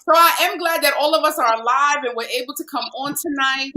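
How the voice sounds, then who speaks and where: A woman with a high, bright voice co-hosts a casual podcast chat over a video call. She teases the others and laughs easily, and she slips in advice the way a vocal coach would. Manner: playful, teasing, quick to laugh.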